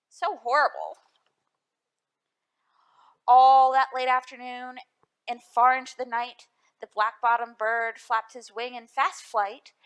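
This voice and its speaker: A woman librarian reading a picture book aloud to children, expressive and asking them questions. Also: sits high. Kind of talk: storytime read-aloud.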